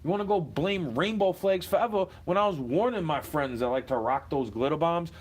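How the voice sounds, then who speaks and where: A man with a slightly high-pitched voice rants straight at the camera. He is combative and profane, dropping to low mutters before building into shouted outbursts. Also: animated, a little fast. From United States. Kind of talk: profane ranting monologue.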